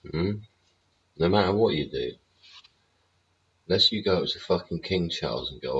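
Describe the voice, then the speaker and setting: A man's voice: low voice, expressive, moderate pace, pauses often, slightly rough. A British man hosting a livestream, ranting bluntly and profanely about politics and tagging his points with "yeah?" and "innit". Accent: British English. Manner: blunt, profane, rhetorical tags. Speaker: livestream host. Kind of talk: swearing political rant. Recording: dull lo-fi stream audio.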